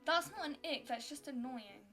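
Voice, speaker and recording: A woman's voice: high voice, lively intonation, normal speed. A young woman, telling stories and reacting in a chatty, exasperated way, full of "like". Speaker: YouTuber. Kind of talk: casual storytelling and reacting. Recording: music playing underneath.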